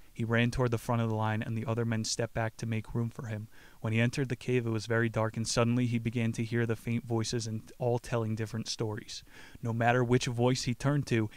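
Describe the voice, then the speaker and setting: A laid-back man hosts a book podcast, swearing freely and drifting between reading aloud and loose commentary. His voice sits at an ordinary middle pitch. The mic is close and the sound is dry. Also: darkish tone, dry recording. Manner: profane, rambling, laid-back slang. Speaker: podcast host.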